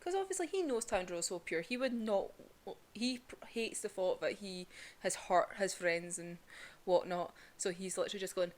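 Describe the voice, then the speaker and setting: Female manga reviewer, excitable and sweary, very lively pitch. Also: normal speed. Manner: excitable, sweary, laughs often. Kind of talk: casual video review.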